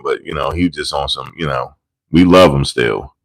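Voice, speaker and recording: His voice sits extremely low, expressive and fairly quick, in a rough recording. He's a commentary channel host telling rambling, profane, amused celebrity stories into a desk USB mic.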